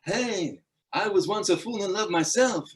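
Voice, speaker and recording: A man's voice: sits high, expressive, a little slow, rough recording. A man voicing a girl's laid-back older father in a drawling, mumbling singer impression, giving advice. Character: mumbling mellow older dad, impression of a famous singer.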